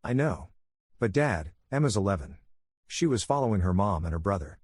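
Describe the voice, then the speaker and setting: A teenage girl speaks low and steady despite her hurt, as a man puts her on. The voice stays husky and dry, close and calm. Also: normal speed, no room sound. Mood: quiet. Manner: quiet, steady.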